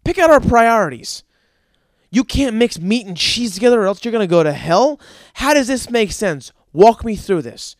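A man's voice: high voice, expressive, moderate pace, dry recording, clean studio sound. A man giving a stand-up comedy rant, profane and exasperated.

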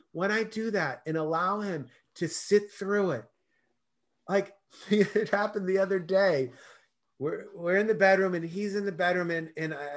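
A middle-aged man, a guest in an interview, telling stories expressively and acting out the dialogue. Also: high-pitched. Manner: expressive storyteller, acts out dialogue. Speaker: guest, self-love coach. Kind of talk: animated conversational interview.

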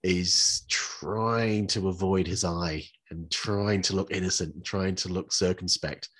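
A man's voice: low-pitched, fairly even intonation, a little slow, a bit bright, breathy edge. A man hosting a podcast, chatting eagerly about old comedy films and slipping into comic voices. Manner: enthusiastic, fond of putting on comic voices. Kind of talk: casual film chat.

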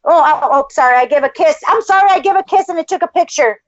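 A woman's voice: very high-pitched, fast. A woman hosting a casual podcast chat, gushing and effusive, cooing to pets on a video call. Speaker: podcast host. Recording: dull lo-fi dry sound.

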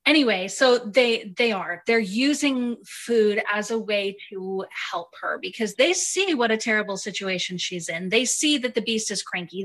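A woman's voice: medium pitch, a bit bright. A woman in her thirties co-hosting a podcast, chatting casually with frequent fillers and laughs. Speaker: podcast co-host. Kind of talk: casual chat.

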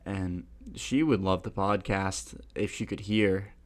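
A man's voice: sits low, steady tone, takes it slowly. A young man hosting a podcast, rambling casually and laughing at himself. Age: young adult. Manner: rambling, self-deprecating, laughs often. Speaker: podcast host.

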